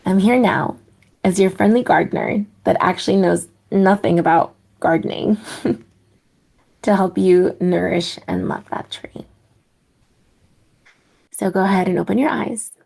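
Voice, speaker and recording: A young woman hosting a podcast, leading a guided meditation and reflective talk in a gentle manner, laughing softly at herself. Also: medium pitch, a little slow, creaky, long pauses. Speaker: podcast host.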